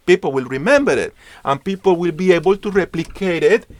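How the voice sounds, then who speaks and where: A man's voice: sits high, expressive, a little fast. A man giving an online branding lesson. He speaks emphatically, repeats his key points, and acts out little dialogues. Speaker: branding lecturer. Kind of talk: online business class.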